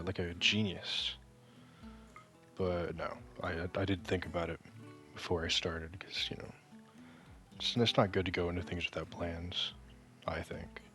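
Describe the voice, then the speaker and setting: A man's voice: low voice, fairly bright tone. A man giving casual, rambling gameplay commentary, joking and poking fun at himself, often stopping to restart his sentences. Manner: rambling, joking, self-deprecating; halting, frequent restarts. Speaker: gaming video creator.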